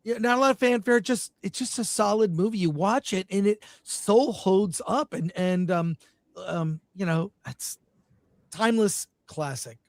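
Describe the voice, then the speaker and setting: A man hosting a casual film-talk panel, speaking in an animated, enthusiastic way. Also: high voice, unhurried, no room sound. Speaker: show host.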